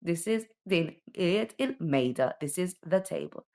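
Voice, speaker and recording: A woman teaches the alphabet in a relaxed, chatty way. Her voice sits a little low, and she checks in often with "okay?" as she goes. She explains patiently and keeps it homely. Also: a little slow. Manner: chatty, explains with repeated okays and ums. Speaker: homeschooling teacher. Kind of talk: casual alphabet lesson.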